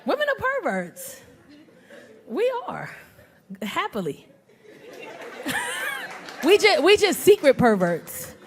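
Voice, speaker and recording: Brash high-voiced woman comic. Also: takes it slowly, pauses often, noisy background. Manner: brash, animated, acts out voices. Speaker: stand-up comedian. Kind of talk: stand-up comedy with crowd work. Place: comedy club stage. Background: audience laughter.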